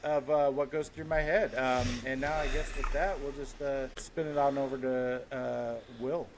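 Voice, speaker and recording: A man's voice: mid-range voice, steady tone, moderate pace, noisy background. A man in his forties, a podcast co-host, rambling through casual, profane stories. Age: 40s. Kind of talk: casual chat.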